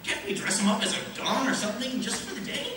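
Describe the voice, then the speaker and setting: A male actor playing an excitable, bossy young college gentleman in a stage play, speaking theatrically, recorded from far off in an echoey hall. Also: very high-pitched, fast, background noise. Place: school stage in a large hall.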